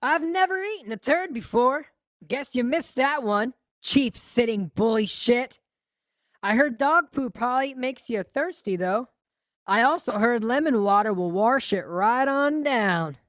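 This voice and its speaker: A crude, dim-witted grown son, voiced by a woman, spits out mocking taunts in a high, pushed voice. The audiobook character is vengeful and loud, recorded dry and close. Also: lively intonation, a little slow, no room sound.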